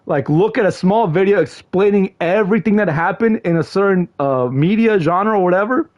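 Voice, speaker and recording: A young man streaming casually to his viewers, excitable, often shouting in mock frustration and peppering his talk with slang. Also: high-pitched, moderate pace, lo-fi sound. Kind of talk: casual livestream chat to viewers.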